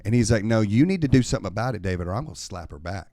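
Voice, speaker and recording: A man who runs comedy open mics, telling animated, profane stories in a casual podcast chat in a studio. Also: fairly low pitch, racing, dry recording. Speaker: comedian and open mic host.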